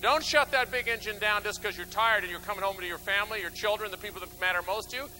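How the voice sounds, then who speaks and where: Bright-toned, fired-up male motivational speaker. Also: quick pace, soft background music, rough recording. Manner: energetic, acts out voices, big swings from loud to low. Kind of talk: motivational stage talk. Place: stage before an audience.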